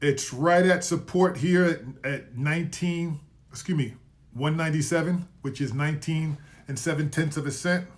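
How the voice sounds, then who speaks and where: A man's voice: on the high side, normal speed. A man hosting a live market commentary stream, casually going over trades and price levels, often correcting his own slips. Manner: casual, self-correcting, trips over words; recaps trades with repeated levels and calls.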